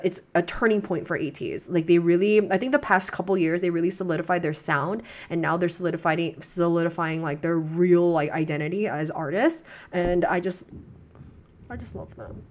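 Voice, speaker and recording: A woman's voice: fairly low pitch, a little fast, few pauses. A young woman reaction streamer chatting at home, gushing and rambling with many restarts. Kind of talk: casual chat.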